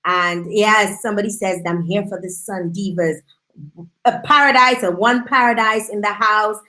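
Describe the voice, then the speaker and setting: A woman hosting a live-streamed talk show, chatty and lively as she gives shout-outs to viewers. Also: medium pitch, normal speed. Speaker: host.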